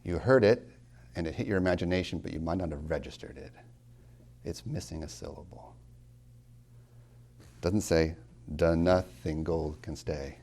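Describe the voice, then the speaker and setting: A man lecturing on poetry as a college tutor. He slows down to stress key words, swings from loud to near-whispered, and drops wry asides to his students. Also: low voice, gravelly. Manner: dramatic swings in loudness, drops to near whispers when savoring lines; slow, deliberate emphasis on key words.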